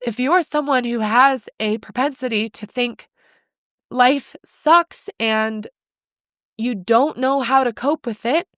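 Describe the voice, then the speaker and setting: Slow-paced and slightly high, this young nutrition coach's voice comes through in echo-free studio quality. She runs her solo coaching podcast in a blunt, animated style, swearing casually.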